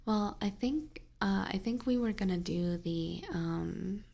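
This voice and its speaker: A young woman streaming ASMR on a binaural microphone, chatting in a soft whisper, rambling and giggling often. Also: mid-range voice, takes it slowly, creaky. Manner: giggly, rambling with many fillers. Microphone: binaural ear microphone.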